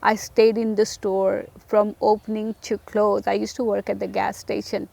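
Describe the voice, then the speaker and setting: A woman's voice: mid-range voice, little pitch movement, normal speed, vocal fry, a little mellow, dry recording. A woman giving an emotional personal testimony, talking earnestly to the listener and repeating phrases for emphasis. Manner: direct address to the listener.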